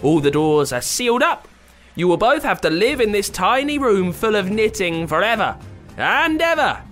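A man voicing a jealous, theatrical witch who cackles and shouts, over faint music. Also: high voice, sing-song, normal speed, voice pushed up. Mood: gloating.

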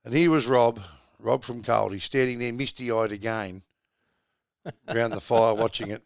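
A man's voice: medium pitch, steady tone, unhurried, vocal fry, dry recording, clean studio sound. A middle-aged Australian man hosting a podcast, chatting in a laid-back, rambling way and calling his co-host mate. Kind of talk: casual chat.

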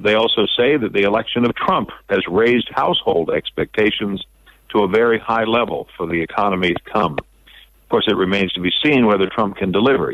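Low-pitched guy talking politics on the radio, dry dull lo-fi sound. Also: dry recording. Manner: measured, opinionated, repeats words while building points. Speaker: political commentator guest. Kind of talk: radio talk commentary.

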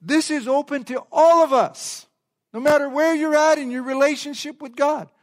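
A man preaching a sermon as pastor, calling on the congregation to repeat phrases and drawing out key words slowly for emphasis. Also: very high-pitched. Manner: call-and-response, asks the congregation to repeat phrases. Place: church service before a congregation.

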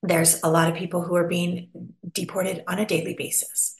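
A woman's voice: on the low side, normal speed, vocal fry. Chatty American woman, roomy sound. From Pennsylvania, USA. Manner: expressive, chatty, acts out little quoted voices. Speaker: podcast guest. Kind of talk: casual interview chat. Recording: roomy echo.

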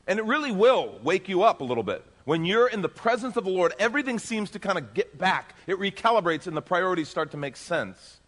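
A male pastor preaching a sermon, animated and acting out everyday voices as he goes. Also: high-pitched, fairly quick, few pauses, in a large hall.

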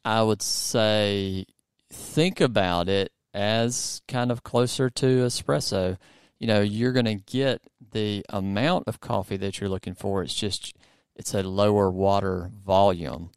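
A man with a Southern US accent hosts a relaxed interview, talking in loose, filler-heavy sentences. His voice sits low and comes across smooth and clear. The sound is dry and close. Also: measured pace, dry recording. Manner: rambling, filler-heavy, lots of "like". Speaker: podcast host. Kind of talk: casual conversational interview.

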